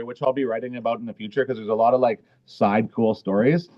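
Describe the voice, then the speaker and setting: A man's voice: medium pitch, fairly even intonation, brisk, muffled recording. A man guest in a casual interview, talking in a rambling way with many fillers and restarts. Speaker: podcast guest, author.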